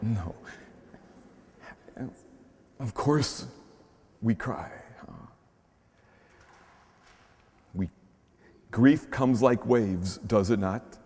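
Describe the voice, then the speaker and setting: A man's voice: fairly low pitch, extremely slow, pauses often, a little mellow, husky. A man with a Midwestern American accent preaching a conversational sermon, often adding a questioning "huh?" to his points. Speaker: pastor. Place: large church shrine. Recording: long reverb of a large church.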